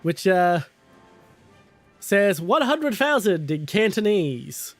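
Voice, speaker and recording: A man's voice: high-pitched, sing-song, takes it slowly, no room sound, faint music behind. A man streaming live who chats casually, laughs often and swears freely as he talks to viewers. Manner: giggly and chatty, swears casually.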